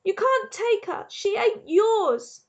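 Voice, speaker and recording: A woman voicing a grief-stricken young boy, fierce and protective, talking in a raw, shouting, pleading way. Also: fairly high pitch, takes it slowly, lo-fi sound. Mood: screaming.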